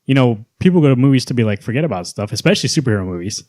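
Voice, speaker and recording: A man's voice: mid-range voice, dry recording, clean studio sound. A man co-hosting a podcast, chatting casually about comic book movies and acting out quotes. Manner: rapid, animated, acts out quotes. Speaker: podcast co-host.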